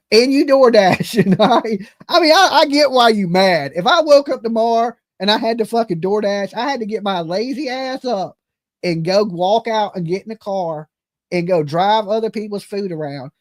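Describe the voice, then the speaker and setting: A man's voice: sits high, expressive, unhurried, no echo, clean studio sound. A man hosting a casual livestream, talking brashly with lots of swearing and laughter, and punctuating points with "okay?". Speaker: livestream commentary host. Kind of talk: casual reaction commentary.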